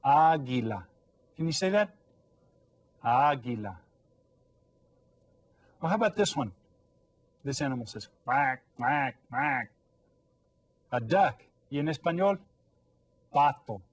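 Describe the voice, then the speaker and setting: Husky-voiced encouraging teacher man. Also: mid-range voice. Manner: patient, encouraging, prompts kids to repeat words. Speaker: Spanish teacher. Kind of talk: recorded elementary language lesson.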